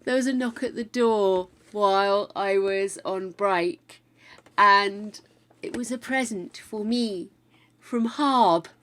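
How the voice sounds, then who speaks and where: An older woman streaming a game and chatting casually to viewers. She is effusive and excitable, swears freely, and calls people darling. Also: mid-range voice, takes it slowly. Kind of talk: casual live-stream chat.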